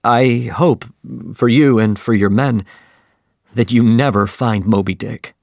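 A man's voice: medium pitch, unhurried, darkish tone, dry recording, studio quality, close to an everyday voice. A man reading aloud and voicing a friendly one-armed sea captain who speaks firmly and sensibly.

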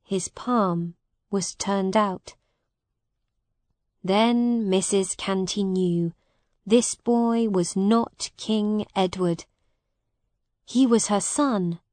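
A woman narrating a storybook in a slow, clear, simple reading manner. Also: mid-range voice, darkish tone, no room sound.

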